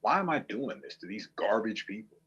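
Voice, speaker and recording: Streamer, male, low husky voice, mocking and combative rant. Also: sing-song, a little fast, fairly bright tone, highs cut off. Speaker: online streamer. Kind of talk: ranting commentary to viewers.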